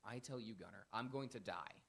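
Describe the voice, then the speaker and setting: A young man hosting a casual Bible lesson, earnest and emphatic, with animated bursts when quoting. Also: fairly low pitch, brisk, gravelly. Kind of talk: casual Bible teaching chat.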